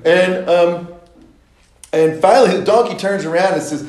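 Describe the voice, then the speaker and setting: A man's voice: high-pitched, moderate pace, darkish tone, reverberant, poor audio. A man teaching a Bible study, retelling scripture stories casually and acting out the characters with playful asides.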